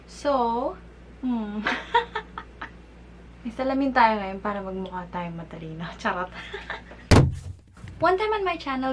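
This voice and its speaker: A woman's voice: mid-range voice, background noise. A woman with a Filipino accent hosting a casual vlog lesson, bubbly and playful, giggling often and drawing out words as she pronounces them carefully. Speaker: vlogger teaching basic phrases. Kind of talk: casual vlog lesson, mixing Tagalog and English. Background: background music.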